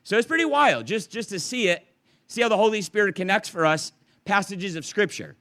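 A man's voice: high voice, a little fast. A man, a pastor, preaching a verse-by-verse evening sermon in an earnest, conversational way. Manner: conversational, earnest, animated with restarts.

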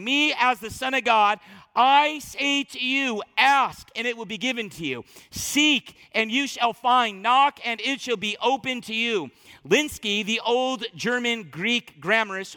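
A man preaching from the pulpit with a high, bright voice. He drives points home by repeating phrases, and his words ring out with a long reverb through a church hall. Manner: emphatic, repeats phrases for stress. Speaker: pastor. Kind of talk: sermon.

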